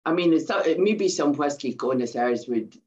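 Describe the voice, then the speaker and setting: A Scottish woman tasting whisky on a casual show, talking in a measured, hesitant way. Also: sits low, expressive, darkish tone, lo-fi sound. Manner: measured and hesitant, with many restarts. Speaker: co-host and taster.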